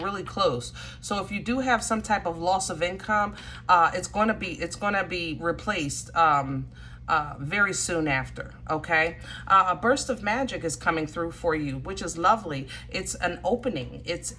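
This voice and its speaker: A woman reads tarot for her viewers in a loose, colloquial way and keeps checking in with them directly. Her voice sits a little low and comes across forceful and bright, with a faint hum of background noise behind it. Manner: chatty, colloquial, addresses viewers directly with frequent "you know". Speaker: tarot reader. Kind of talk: casual tarot reading to camera.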